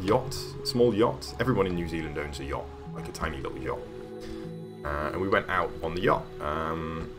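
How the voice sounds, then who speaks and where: A man's voice: a bass voice, vocal fry. A man streaming casually as he builds a game level, telling a rambling story full of ums and self-corrections. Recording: streamed voice over background music. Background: background music.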